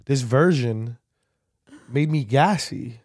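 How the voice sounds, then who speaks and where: A man from New Jersey co-hosts a casual podcast from home while fighting the flu. He teases and swears his way through the chat, and he breaks into laughter often. His voice sits at a middle pitch and is recorded dry and close. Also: takes it slowly, a little mellow, husky, dry recording. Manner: teasing, profane, laughing. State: sick with the flu. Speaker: podcast co-host.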